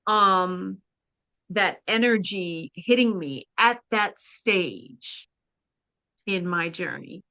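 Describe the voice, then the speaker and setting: Woman guest, earnest halting storyteller, bright tone, slow delivery, dry close sound. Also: lowish voice, gravelly, dry recording. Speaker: guest, spiritual practitioner. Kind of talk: personal storytelling in a podcast interview.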